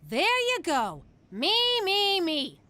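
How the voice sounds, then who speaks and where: A woman's voice: extremely high pitch, huge pitch swings, slow pace, pushed and bright, no echo, heavily acted. A woman voicing a fed-up cartoon wife, cold and biting. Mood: bitter.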